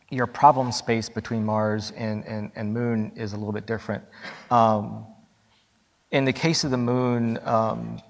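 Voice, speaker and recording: A man speaking on a conference panel, thoughtful and pausing often with "um". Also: mid-range voice, vocal fry. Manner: thoughtful, with frequent "um" pauses. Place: large conference hall. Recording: long reverb of a large conference hall.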